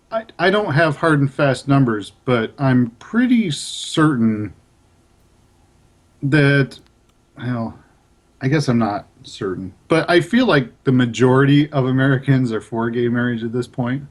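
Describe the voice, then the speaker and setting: A man's voice: medium pitch, expressive, unhurried. A young adult man co-hosting a casual podcast chat, speaking in a conversational way and hedging his claims. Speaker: podcast co-host.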